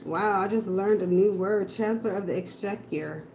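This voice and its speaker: A woman in a casual reaction video, slowly repeating a hard word and laughing at herself. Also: medium pitch, darkish tone, slight background noise, poor audio. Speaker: tarot reader and video creator.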